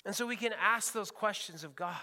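High bright-voiced man preaching. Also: brisk, in a large hall. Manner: earnest, repeats words while searching for phrasing. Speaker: pastor. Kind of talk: sermon. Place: church sanctuary.

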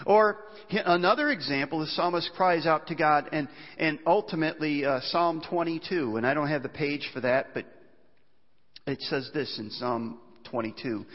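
Animated preaching man in a big hall. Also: fairly high pitch, normal speed. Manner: animated preaching, acts out cries of despair. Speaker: pastor. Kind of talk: sermon. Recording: dull sound, long reverb of a large hall.

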